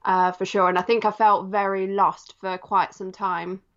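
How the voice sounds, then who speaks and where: A woman's voice: mid-range voice, little pitch movement, moderate pace, highs cut off. Reflective Polish-born woman, English accent. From Poland. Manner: reflective, with frequent "kind of" and "um". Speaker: guest. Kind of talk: podcast interview.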